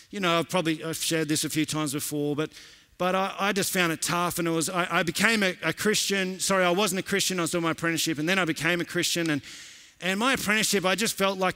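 A man preaching as a pastor, an animated storyteller who repeats lines for emphasis. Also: a little high. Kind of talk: sermon with storytelling.

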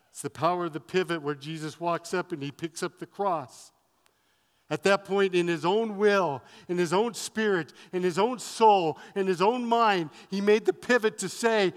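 A man's voice: high-pitched, normal speed, a bit bright, in a large hall. A man preaching a sermon as pastor, driving his points home with emphatic repetition.

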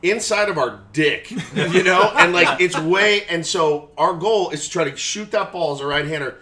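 Guy in his 40s chatting on a podcast, lively storyteller, cusses, does voices for quotes. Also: on the high side, moderate pace, a crowd in the background. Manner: animated storyteller, swears freely, acts out quotes. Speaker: podcast guest. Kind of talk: casual chat.

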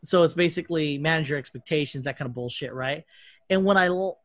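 A man hosting a loose podcast conversation, talking at length in a rambling, profane way and restarting his sentences often. His voice sits a little high for a man. The sound is close and dry. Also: quick pace, fairly bright tone, no room sound. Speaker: podcast host. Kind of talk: casual chat.

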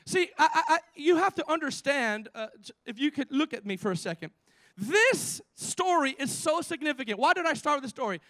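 A man pastor preaching a sermon, animated and exhorting, with frequent stumbling restarts. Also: very high voice, a little fast, dry recording.

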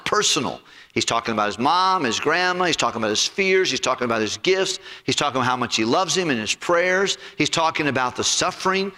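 A man preaching a sermon as a pastor, animated, repeating himself and acting out quotes. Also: fairly high pitch, long reverb tail.

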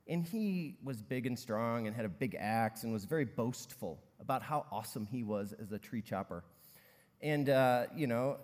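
A man's voice: medium pitch, a little mellow. A man preaching a sermon, talking conversationally and telling a story with many fillers. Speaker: pastor. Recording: long reverb in a large hall.

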